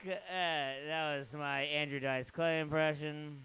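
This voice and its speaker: A man's voice: on the high side, steady tone, slow, clear, resonant tone. A man hosting a comedy open mic, tipsy and rowdy, joking and hyping up the crowd between acts. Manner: rowdy, joking, hypes up the crowd, shouts bits. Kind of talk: emceeing a comedy night.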